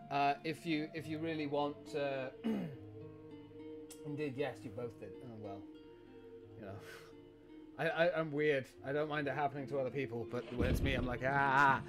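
A man chatting while streaming a game, rambling, swearing and laughing often as he thanks viewers. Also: mid-range voice. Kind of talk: live gameplay stream chat.

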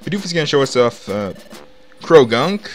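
A man's voice: mid-range voice, very animated, moderate pace, soft background music. A man giving casual, rambling commentary while playing a video game. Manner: rambling, chatty, lots of "like" fillers. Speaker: let's play host.

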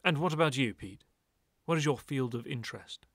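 A man voicing a tall, stern middle-aged collector with a strong German accent, speaking low, cool and restrained. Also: lively intonation, brisk, no room sound, clean studio sound. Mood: cold, polite. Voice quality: sharp.

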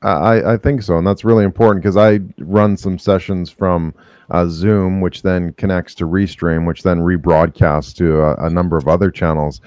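A man explaining his streaming setup over a video call in a measured way. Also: low voice, fairly even intonation, darkish tone, no echo. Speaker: panel guest. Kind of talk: casual panel chat. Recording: dull, dry video-call audio.

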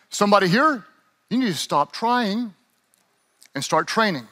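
Bright, high-voiced man preaching a sermon. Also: very animated, moderate pace, long pauses. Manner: emphatic, repeats key phrases, acts out lazy runner in mumbled voice. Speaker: pastor.

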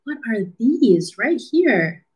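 Slow, animated woman reading a storybook. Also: fairly high pitch, slightly rough, poor audio. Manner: slow, animated, teacherly, asks children questions. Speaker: speech and hearing clinician. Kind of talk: children's storybook read-aloud.

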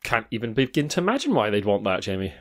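A man's voice: fairly low pitch, very animated, quick pace. A man co-hosting a board game news podcast, reading headlines and chatting in a wry, punning way. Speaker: podcast co-host. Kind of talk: casual news podcast chat.

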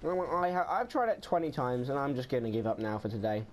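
A man giving gameplay commentary, getting frustrated, swearing a lot and yelling in bursts. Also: mid-range voice, very animated, brisk, a little hiss or hum. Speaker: gamer. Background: game music.

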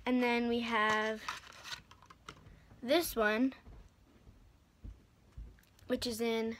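A young woman filming an excited unboxing vlog, gushing and bubbly, with lots of "like" and "literally". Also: fairly high pitch, very slow, a little hiss or hum. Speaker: vlogger.

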